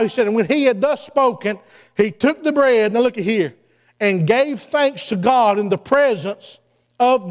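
A man preaching a sermon in a rhythmic cadence, dropping "uh, hey" between phrases and building to shouted exhortation. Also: extremely high pitch. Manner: chanting preacher cadence with frequent "uh, hey" fillers.

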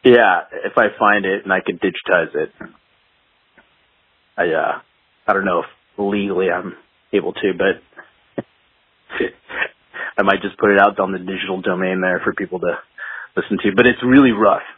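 A man's voice: sits low, fairly even intonation, normal speed, pauses often, breathy edge, no room sound. A man being interviewed as a guest guitarist, telling rambling studio stories in a casual way and laughing as he goes. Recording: tinny phone-like line, dry.

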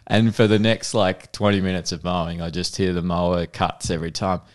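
A man's voice: low-pitched, flat delivery, brisk. A man co-hosting a podcast, telling a story in a casual chat and laughing often. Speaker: podcast co-host.

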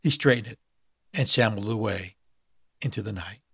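A man's voice: on the low side, normal speed, creaky, a bit bright, husky, no room sound, clean studio sound. Role: podcast host. Sex: man. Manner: hesitant, then reads a story. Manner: hesitant, full of fillers and restarts in chat. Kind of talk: casual podcast talk and story reading.

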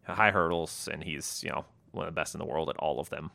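A man chatting casually about track results as co-host, halting and repeating words with lots of fillers. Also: rumbling low, creaky, bright, forceful tone, dry recording, studio quality. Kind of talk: casual sports chat.

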